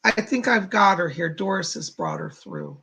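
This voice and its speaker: A man who is a psychic medium giving live readings to viewers in a halting, reassuring way, speaking to them directly. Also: high voice, wildly swooping pitch, gravelly, sharp tone, slightly rough.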